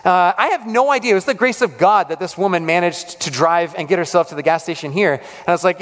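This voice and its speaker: Man preacher, high voice, chatty story-sermon with many restarts, long church-hall reverb. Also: quick pace, few pauses, fairly bright tone. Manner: conversational, lots of fillers and restarts.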